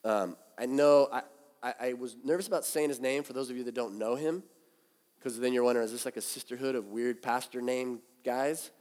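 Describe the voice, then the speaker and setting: A man's voice: medium pitch, fairly quick, a little mellow. A man preaching a sermon as pastor, talking conversationally and with animation. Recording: long hall reverb.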